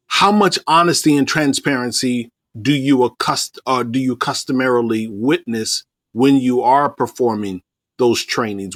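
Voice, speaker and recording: A man hosting a podcast interview, asking casual questions in a measured way. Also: medium pitch, a bit bright, dry recording. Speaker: podcast host.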